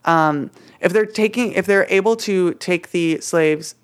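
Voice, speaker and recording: A woman with a fairly low voice, co-hosting a laid-back history podcast. She tells her story loosely and chattily, with lots of "like" and "uh" and the odd bit of slang. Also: unhurried, clean tone. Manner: casual, full of fillers like "like" and "uh", playful slang. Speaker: podcast co-host presenting history research. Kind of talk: casual history podcast chat.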